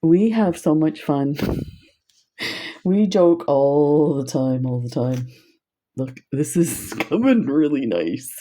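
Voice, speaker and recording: Older woman, French first language, rambling friendly craft teacher; slow, unhurried delivery. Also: low-pitched, expressive, dark tone, a little hiss or hum. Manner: chatty, digressive, laughs often. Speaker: craft instructor. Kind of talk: casual crafting tutorial chat.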